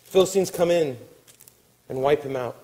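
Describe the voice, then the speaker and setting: A man preaching a sermon, telling a story with acted-out quotes and dropping to a hushed, weary tone. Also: fairly high pitch, moderate pace, rough recording. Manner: animated storytelling, acting out quotes, dropping to a soft hush. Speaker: pastor.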